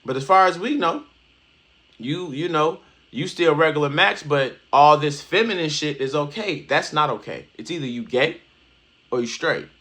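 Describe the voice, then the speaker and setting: A man's voice: on the high side, animated, normal speed, bright, forceful tone. A man hosting a reaction video, talking casually in street slang with emphatic stops and restarts.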